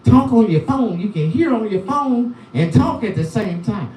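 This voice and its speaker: A woman's voice: medium pitch, animated, normal speed, a little mellow, recorded from a distance, pitched above the performer's own voice, close to an everyday voice. A man voicing an older woman on a bus who patiently explains things in a motherly way. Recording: roomy sound, voice from the mic.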